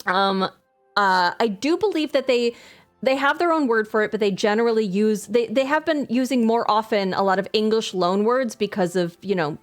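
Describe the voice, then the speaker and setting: A woman's voice: fairly high pitch, normal speed, faint music behind. A woman streaming a game live, chatting casually in a rambling, enthusiastic way, full of filler words and self-corrections, laughing often.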